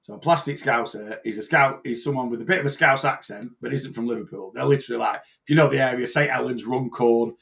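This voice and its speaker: A man with a gravelly edge to his mid-pitched voice, chatting casually as a personal trainer. He rambles, trips over his own starts and repeats phrases as he goes. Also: fast talker, hardly any pauses, fairly bright tone. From north-west England. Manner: rambling, repeats and restarts himself. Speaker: personal trainer and weight-loss coach.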